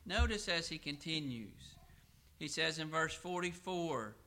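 A middle-aged man preaching a sermon, asking questions and answering them himself, and slowing down to read scripture aloud. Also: on the high side, animated, gravelly, pushed and bright. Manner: asks and answers his own questions.

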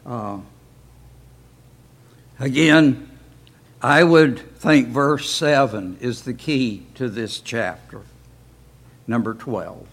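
Slow-spoken man leading a Bible study. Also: mid-range voice. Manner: slow, folksy, asks rhetorical questions. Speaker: Bible class teacher. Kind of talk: informal Bible study talk.

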